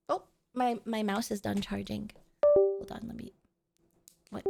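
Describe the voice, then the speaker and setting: A woman's voice: medium pitch, fairly even intonation, unhurried, creaky, long pauses, mellow, faint music behind. A woman VTuber streamer chatting casually with her viewers, playful and teasing as she coddles them. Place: home streaming setup.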